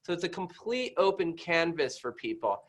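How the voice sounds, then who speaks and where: A man guest who is a doctor, chatting casually in a rambling, halting way with many restarts. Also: on the high side, very animated, a bit bright. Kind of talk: casual interview chat.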